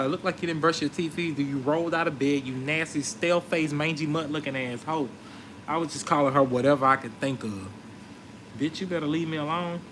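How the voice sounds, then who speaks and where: Male vlogger, somewhat high-pitched, confrontational storyteller. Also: a little hiss or hum, poor audio. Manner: brash, confrontational, animated retelling. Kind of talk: profane storytelling rant.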